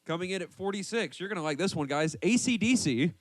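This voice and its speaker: A man's voice: sits high, expressive, quick pace, no room sound. A man hosting a casual podcast, reading a list aloud and mocking it with swearing and laughter. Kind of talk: casual banter with heavy swearing.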